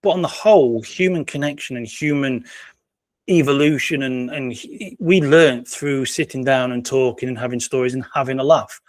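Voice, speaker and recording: A man's voice: medium pitch, normal speed. A British man talks loosely in a casual interview and repeats himself as he goes, with a chuckle here and there. His voice sits in a middle range. The sound is close and dry, with no room echo. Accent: British English. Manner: rambling, repeats words, chuckles often. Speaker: interview guest, entrepreneur.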